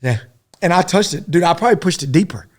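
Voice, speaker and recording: A middle-aged man, a podcast guest and former soldier, telling a war story in a profane, animated, rambling way. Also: on the high side, quick pace, breathy edge.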